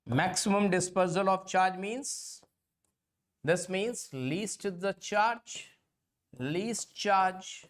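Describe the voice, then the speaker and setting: A man's voice: sits high, extremely slow. A man teaching an online exam-prep lecture. He repeats points again and again and keeps calling his students kids.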